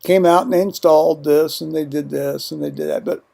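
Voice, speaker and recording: A man's voice: a little high, fairly even intonation, a little fast, creaky, warm tone. An older man vlogging at home in a rambling monologue, digressing often with blunt, profane asides.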